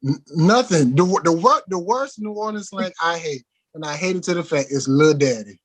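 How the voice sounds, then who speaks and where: A man co-hosting a podcast, chatting in an animated, teasing way with frequent stammered restarts. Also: fairly high pitch, normal speed, no echo. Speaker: podcast co-host. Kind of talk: casual chat.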